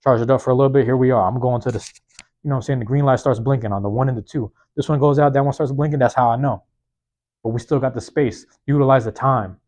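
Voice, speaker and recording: A man with an ordinary, mid-pitched voice gives a solo motivational talk for his podcast, loose and slangy, coming back to the same phrases again and again. His voice is a little hoarse. He speaks into a phone microphone in a small university back room. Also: fairly even intonation, fast talker, a little mellow. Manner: casual slangy talk, repeats key phrases for emphasis. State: slightly hoarse. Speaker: podcast host. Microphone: plug-in microphone on a phone.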